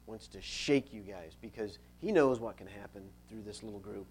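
A man's voice: fairly low pitch, normal speed, a little mellow, slight background noise. A man preaching a sermon in a conversational, storytelling way, stressing key points.

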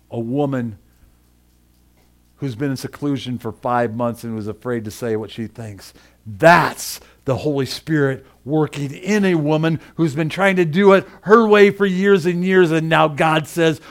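A man pastor delivering a sermon with passion, dropping to a hush and then rising to loud emphasis. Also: fairly high pitch, measured pace. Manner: impassioned, swings from hushed to loud.

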